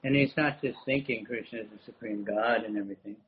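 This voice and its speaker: A man giving a religious talk in short phrases, pausing for an interpreter, often saying "you know". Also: on the low side. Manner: conversational, halting, fills gaps with "you know". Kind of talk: sermon with consecutive translation. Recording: dull lo-fi recording with faint noise.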